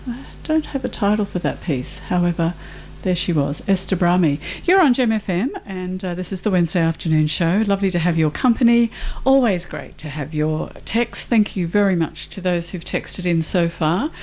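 Woman radio host, slightly low voice, relaxed unhurried studio chat. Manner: unhurried, many filler pauses. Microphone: studio microphone.

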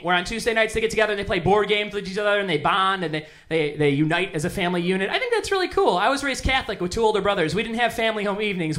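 A man with a high, bright voice tells wry stand-up stories at a fast clip. He acts out both sides of quick mock dialogue. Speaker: stand-up comedian. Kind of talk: stand-up comedy set.

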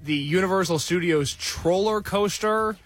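A man's voice: sits high, unhurried, a bit bright, faint music behind. A man co-hosting a casual radio chat, with a dry, self-mocking sense of humor. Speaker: co-host.

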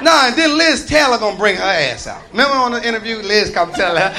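Profane, very high-voiced comic man. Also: big pitch swings, a little fast. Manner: profane, swaggering. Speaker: stand-up comedian. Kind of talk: profane stand-up routine. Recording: live club with loud crowd noise.

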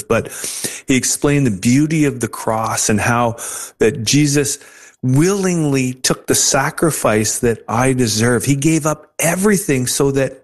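A man in an interview, telling his personal testimony earnestly with hesitant restarts. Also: medium pitch. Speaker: interview guest.

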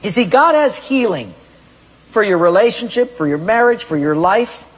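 Husky pastor in a hall. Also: male voice, high-pitched, animated, moderate pace. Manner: questions the congregation directly, storytelling. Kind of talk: sermon. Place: church hall. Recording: echoey hall reverb.

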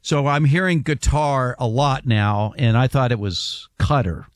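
A man's voice: mid-range voice, moderate pace, no room sound, clean studio sound. A middle-aged man co-hosting a radio show, chatting casually and explaining sports facts. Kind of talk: casual talk radio chat.

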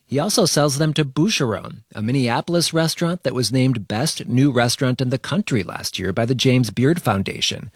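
A man reporting a news feature for radio in a measured, even narration. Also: medium pitch, husky, no room sound, clean studio sound.

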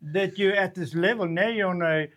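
A man's voice: high-pitched, moderate pace. An Australian man hosting a radio interview, affirming his guest often on a studio microphone. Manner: warm encouraging, affirms often. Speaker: radio host.

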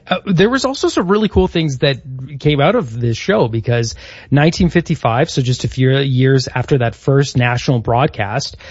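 A man's voice: mid-range voice, darkish tone, slightly rough, dry recording, highs cut off. A man co-hosting a casual chat, telling history from his notes. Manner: storytelling, reading out history notes. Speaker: podcast co-host.

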